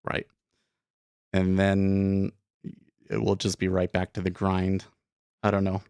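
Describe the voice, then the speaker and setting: A man's voice: lowish voice, animated, unhurried, vocal fry, pauses often, darkish tone, dry recording, studio quality. A young man casually talking through his trading day on a live stream, thinking aloud with frequent restarts and filler words.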